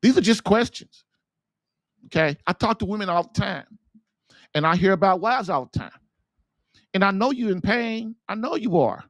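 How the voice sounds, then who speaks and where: A man's voice: sits high, animated, moderate pace, long pauses, no room sound, clean studio sound. A man hosting a podcast, delivering an impassioned religious monologue full of rhetorical questions and repeated phrases. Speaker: podcast host and marriage coach.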